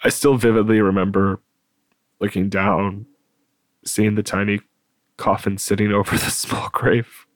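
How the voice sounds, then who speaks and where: An older man narrating a painful personal memory in a quiet, measured way. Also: lowish voice, little pitch movement, no room sound. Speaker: storyteller.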